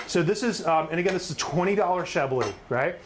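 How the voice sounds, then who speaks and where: A man's voice: sits high, animated, quick pace, a little hiss or hum. A middle-aged man, host of a live cook-along, talking through his recipe in an upbeat, chatty way and often asking "right?". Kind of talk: live cooking demonstration.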